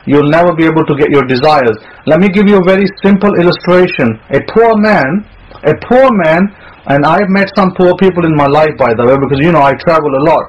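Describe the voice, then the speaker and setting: Emphatic preacher man, husky voice. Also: on the high side. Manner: emphatic, repeats words, restarts. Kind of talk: sermon. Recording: muffled lo-fi audio.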